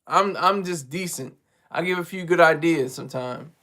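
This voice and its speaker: A man with a high, bright voice talks casually on a home livestream. He rambles and restarts his sentences often. He keeps putting himself down. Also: moderate pace. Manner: rambling, self-deprecating, many restarts. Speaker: livestream co-host and regular caller.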